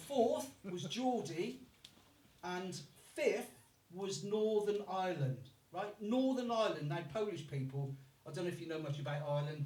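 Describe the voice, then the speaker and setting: Brummie stand-up comic in an echoey club. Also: male voice, high-pitched, lively intonation, measured pace, fairly bright tone. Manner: swears freely, puts on voices for accents. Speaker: stand-up comedian. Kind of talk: stand-up comedy set. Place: live comedy club. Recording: echoey room from far off.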